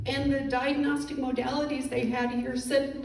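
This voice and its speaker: A middle-aged woman veteran giving an emotional personal testimony, halting and apologetic as she fights back tears. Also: sits high, little pitch movement, gravelly, darkish tone. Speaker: veteran speaker. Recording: echoey room, distant mic, faint noise.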